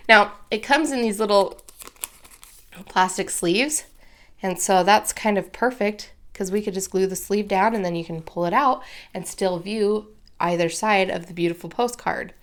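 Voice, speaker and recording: A woman's voice: mid-range voice, moderate pace. A woman hosting a casual crafting tutorial, chatty and gushing, easily moved by what she shows. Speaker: crafting video host.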